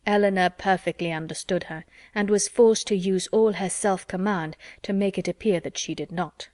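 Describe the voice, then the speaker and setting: A woman reads a classic novel aloud in a measured, even storytelling manner. Her voice sits at a middle pitch. The sound is close and dry. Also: no room sound. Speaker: audiobook narrator. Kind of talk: classic novel audiobook narration.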